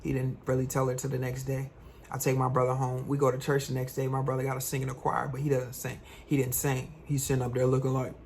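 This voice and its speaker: A young man, a vlogger, tells a personal story in an animated, slangy way. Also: medium pitch, quick pace, gravelly, a little hiss or hum. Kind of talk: storytime vlog.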